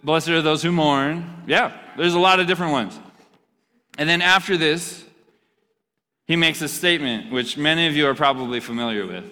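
A man's voice: medium pitch, pushed and bright, big-room sound. A man giving an interactive, joking sermon to a youth group, quizzing the audience as he reads scripture. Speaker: youth pastor.

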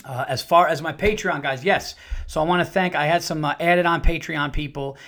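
A man in his thirties hosts his own podcast and chats loosely about whatever is on his mind. His voice sits a little higher than most men's. He talks candidly and rambles, with plenty of fillers and restarts. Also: normal speed, fairly bright tone. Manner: rambling and candid, with many fillers and mimicked quotes. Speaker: podcast host. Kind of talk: casual solo podcast chat.

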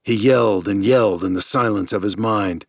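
A man in his fifties reading a science fiction novel aloud as an audiobook narrator, in a measured, even storytelling delivery. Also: on the low side, vocal fry, no echo, clean studio sound.

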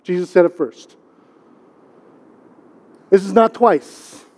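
A middle-aged man preaches in a casual, conversational way, leaning on repetition and questions to the congregation. His voice sits high for a man. The sound carries a long hall echo from the church. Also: takes it slowly, darkish tone. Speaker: pastor. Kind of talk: sermon. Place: church sanctuary.

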